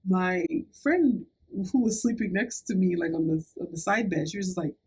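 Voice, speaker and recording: A young woman vlogger casually telling a personal story to camera, animated and laughing as she acts out what people said. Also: lowish voice, moderate pace, husky. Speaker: beauty vlogger.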